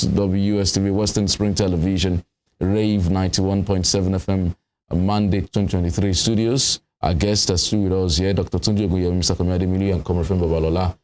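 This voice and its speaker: A man's voice: low-pitched, a little mellow, slight background noise. A man with a Nigerian English accent presenting from a studio, reading results and going to a break. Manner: reads out lists, formal sign-off. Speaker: TV and radio presenter. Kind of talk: broadcast presenting. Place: broadcast studio.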